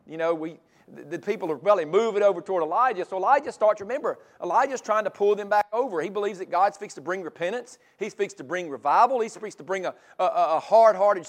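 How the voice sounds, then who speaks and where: A man preaching a sermon, reading scripture aloud and explaining it with lively football talk. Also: a little high. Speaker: pastor.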